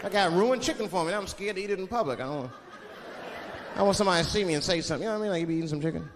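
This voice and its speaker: A man performing an animated, profane stand-up comedy routine on a large stage, acting out voices. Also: high-pitched, very fast, noisy background. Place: large theater stage with live audience. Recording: reverberant hall, loud crowd laughter.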